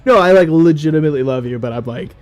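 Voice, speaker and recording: A man hosting as dungeon master, chatting casually at a tabletop game in an excitable, profane way and laughing often. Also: on the high side, quick pace, highs cut off, soft background music.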